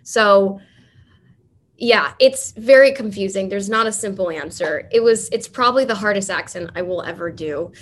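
A woman answers at a cast panel, circling her point with restarts and fillers. She talks casually and at a middling pitch, and slips into little acted-out voices to show what she means. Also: normal speed. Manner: rambling, with many fillers and restarts, and acts out voices. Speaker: actress, panel guest.

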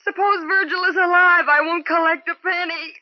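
A shrill greedy widow. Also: female voice, fairly even intonation, moderate pace, a crowd in the background. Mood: melodramatic. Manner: shrill, theatrical, whiny. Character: scatterbrained young widow, greedy and dramatic. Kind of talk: 1940s radio acting. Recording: lo-fi 1940s radio broadcast.

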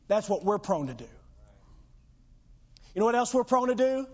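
A pastor preaching a sermon in a strikingly high-pitched male voice. He is emphatic and keeps putting rhetorical questions to the congregation. The recording is dull and lo-fi. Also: animated, normal speed.

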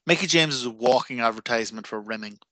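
A man's voice: medium pitch, fast talker, sharp tone, no room sound. A man with an Irish accent, co-hosting a wrestling podcast in casual, crude, joking chat. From Ireland. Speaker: podcast co-host.

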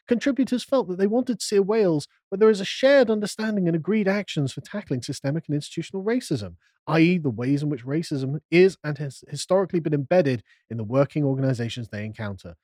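Animated, sarcastic male podcast host. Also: fairly high pitch, fast talker, hardly any pauses, dry recording, studio quality. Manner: reads documents aloud with sarcastic commentary. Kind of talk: casual political discussion podcast.

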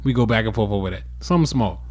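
Animated, playful man in casual chat. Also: lowish voice, very fast. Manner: animated, playful, acts out quoted lines. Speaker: podcast co-host; father of boys.

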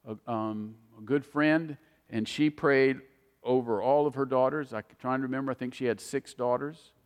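A woman preaches with emphatic energy, swinging her voice up and down as she quotes scripture. She speaks in a large church hall, and a long echo trails every phrase. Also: rumbling low. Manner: emphatic, animated, quotes scripture with dramatic rises and falls. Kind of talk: sermon.

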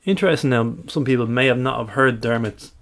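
A man's voice: mid-range voice, fairly quick, vocal fry, fairly bright tone. A man co-hosting a podcast, chatty and storytelling with dry humor. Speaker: podcast co-host. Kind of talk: casual chat.

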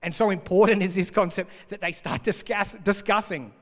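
A man preaching in a big hall, his voice trailing off in a long reverb. He speaks a little higher than most men and keeps a lively, conversational style as he explains scripture. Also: normal speed. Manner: conversational and animated, laughing between points. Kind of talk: sermon, reading and explaining scripture.

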